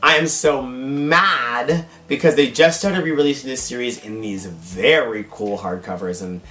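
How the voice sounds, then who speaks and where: A man in drag, a manga collector hosting his own channel, gushes dramatically through a casual manga haul vlog, calling viewers "y'all" and "baby." His mid-range, slightly bright voice keeps a measured pace but sounds strained and worn out. The room is echoey, with faint guitar music in the background.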